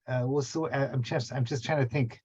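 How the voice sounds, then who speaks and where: A man's voice: medium pitch, fairly even intonation, normal speed, a little mellow, breathy edge, no room sound, muffled recording. A middle-aged man, a rabbi, telling a story in an informal class from a small room at home, chatty and digressive with lots of asides and fillers.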